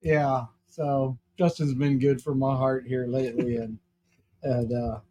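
A man, a podcast host chatting casually in a halting way with many fillers. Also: medium pitch, level tone, mellow, a little hiss or hum, poor audio. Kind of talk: casual chat.

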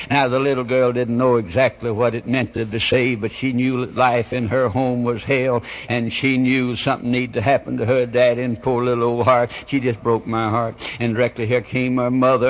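A man preaching a revival sermon in a drawl, his voice sitting at an ordinary pitch. He tells his stories quietly, then surges into loud, impassioned warnings. The sound is dull and lo-fi, like an old taped sermon. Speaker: evangelist preacher.

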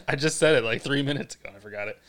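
A man's voice: mid-range voice, rapid-fire, fairly bright tone. A man co-hosting a casual podcast, bantering loosely with plenty of swearing. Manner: laid-back, profane banter. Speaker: podcast co-host. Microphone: studio podcast mic.

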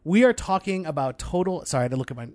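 Man, podcast co-host, fairly high pitch, playful joking manner, dry close recording. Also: sing-song, very fast, darkish tone, no room sound. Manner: playful, joking, easily sidetracked. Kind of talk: casual theological podcast chat.

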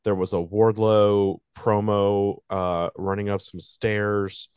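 A man's voice: lowish voice, flat delivery, slow, a little mellow, clear, resonant tone, dry recording, studio quality. A man co-hosting a wrestling podcast, recapping the week's shows in a laid-back, sarcastic way with lots of fillers. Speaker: podcast co-host. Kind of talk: casual wrestling podcast chat.

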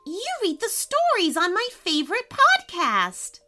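A woman voicing an excited, curious young girl who talks eagerly. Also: very high-pitched, measured pace, soft background music, voice pushed up, heavily acted.

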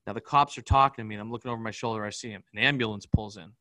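A man, a podcast guest, telling a personal story in a rapid, profane, vivid way. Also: on the low side, fairly even intonation, sharp tone, no echo, low-quality recording. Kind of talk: candid storytelling in an interview.

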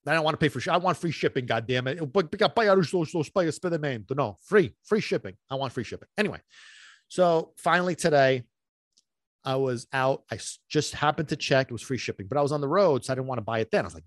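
A man hosting a podcast, telling a long story in an animated, rambling way that swings between loud bursts and muttered asides. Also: a little high, brisk, dry recording, studio quality. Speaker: podcast host.

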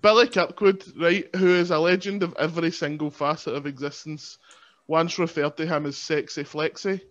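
A man's voice: a little high, fairly even intonation, normal speed, fairly bright tone, muffled recording. A man, a pro wrestler guesting on a podcast, chatting casually in a playful, self-mocking way and laughing often.

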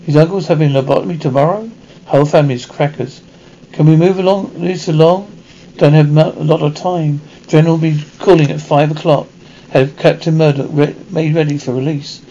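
A man acting in a 1980s TV action drama, trading brisk, gruff banter, heard on a dull lo-fi TV soundtrack. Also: on the high side, steady tone, warm tone, slight background noise, natural voice. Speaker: TV actor.

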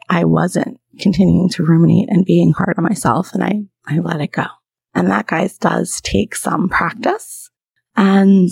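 A woman's voice: fairly low pitch, vocal fry, darkish tone, husky, no echo. A woman in her thirties hosting a podcast as a trauma therapist, talking candidly and chattily with frequent laughs. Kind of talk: casual solo podcast talk.

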